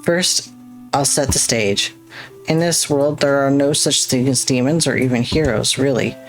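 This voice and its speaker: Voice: medium pitch, measured pace, faint music behind, lightly acted. A gamer voicing a wistful masked playwright. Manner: courteous, theatrical, softly melancholy. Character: masked theater playwright who tells only bad endings, theatrical and wistful.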